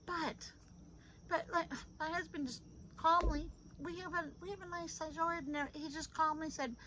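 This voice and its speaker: A middle-aged woman giving an informal devotional talk into a phone. She is animated and repeats phrases for emphasis. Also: high voice, normal speed, a little hiss or hum, low-quality recording. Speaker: devotional host.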